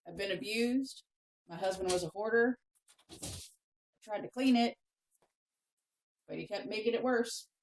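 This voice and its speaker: A woman in her thirties, originally from Maryland, talking unhurriedly on a home livestream. Her pitch sits in an ordinary middle range. She speaks frankly, trailing off, restarting and correcting herself mid-sentence. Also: unhurried, long pauses, poor audio. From Maryland, USA. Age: 30s. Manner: switches to high excited baby talk for her pets. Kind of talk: casual livestream chat.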